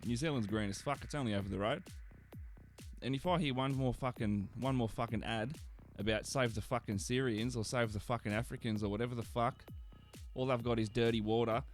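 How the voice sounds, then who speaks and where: A man's voice: mid-range voice, a little fast, soft background music. A man with an Australian accent hosting a radio show, rambling in crude, sarcastic, swear-heavy banter full of fillers. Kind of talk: casual profane radio banter.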